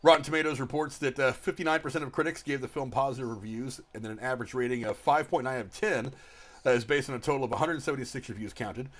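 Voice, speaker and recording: A man hosts a casual film review chat at a brisk clip. He is chatty and laughs easily, and he often restarts his sentences. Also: medium pitch, a bit bright. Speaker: podcast host.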